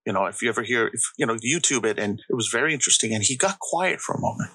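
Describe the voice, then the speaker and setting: Bright-voiced man telling stories on a podcast. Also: mid-range voice, rapid-fire, husky, no room sound, low-quality recording. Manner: animated storyteller, acts out quotes. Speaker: podcast co-host. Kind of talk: casual podcast chat.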